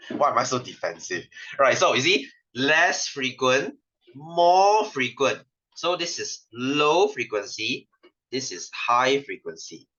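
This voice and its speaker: A man's voice: medium pitch, very animated, slow, pushed and bright. A young man with a Malaysian English accent teaching an online science class, playful and teasing, laughing often. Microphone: webcam microphone. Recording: dull lo-fi webcam audio.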